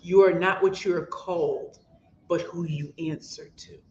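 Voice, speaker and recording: With a lowish, a little mellow voice, steady tone, and measured pace, a woman author and host from St. Louis, USA speaks in a St. Louis accent. She gives an impassioned, preachy motivational livestream, calling viewers y'all, recorded with echoey, dull lo-fi room sound.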